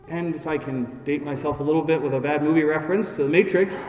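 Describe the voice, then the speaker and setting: A man's voice: fairly high pitch, quick pace, a little mellow. Man preaching in an echoey church. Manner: conversational, storytelling with jokes. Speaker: priest. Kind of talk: homily. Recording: echoey church heard from far off.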